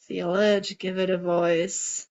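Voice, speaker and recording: A woman coaching a group through emotional tapping, guiding gently and voicing example feelings aloud. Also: fairly low pitch. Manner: slow, soothing guidance with emotive example lines. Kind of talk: guided group coaching session. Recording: slightly dull lo-fi call audio.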